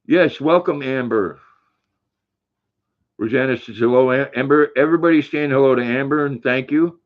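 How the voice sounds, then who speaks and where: Older male stream host, folksy and easygoing, reads chat aloud; muffled low-fi audio. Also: moderate pace. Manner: folksy, reads viewer comments aloud, talks to his dog. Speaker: livestream host. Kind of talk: casual livestream chat reading comments.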